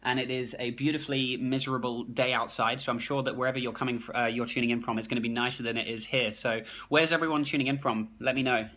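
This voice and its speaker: A man with a New Zealand accent, talking fast and excitedly on a phone live stream, reading out comments and restarting his sentences. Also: medium pitch. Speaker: productivity blogger hosting a live stream.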